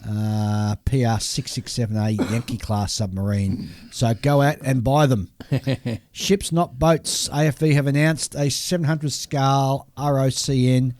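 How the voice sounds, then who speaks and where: A man's voice: mid-range voice, fairly even intonation, unhurried, a little mellow, no echo. A man co-hosting a casual hobby podcast, reading a list of new model kits and tripping over foreign names with a laugh.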